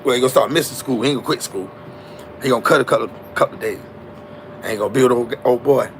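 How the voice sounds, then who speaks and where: A man's voice: mid-range voice, racing, slight background noise. A man telling a story in a casual, slangy, emphatic monologue with a preachy edge.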